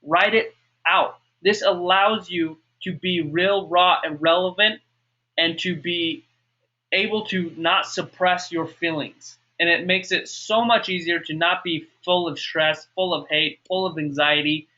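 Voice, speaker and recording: Guy fitness coach on a webinar, bright forceful voice, kinda high, muffled lo-fi sound. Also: steady tone, a little slow. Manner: upbeat, repeats okay and asks for questions.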